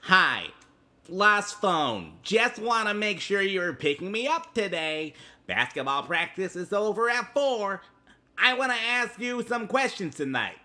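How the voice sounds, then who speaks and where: Guy doing a squeaky baby voice kid, like a cartoon bird, real bright. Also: sing-song, unhurried, heavily acted. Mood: eager. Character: childish baby-voiced boy writing to mommy.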